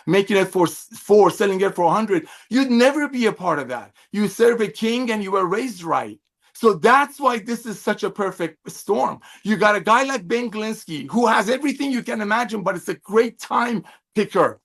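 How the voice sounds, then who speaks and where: Middle-aged guy w/ a high voice hyping up a sales team on a video call, preachy and gushing. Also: fairly bright tone. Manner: fervent, preachy, rhetorical questions, effusive praise. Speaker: network marketing trainer. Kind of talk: motivational sales training talk.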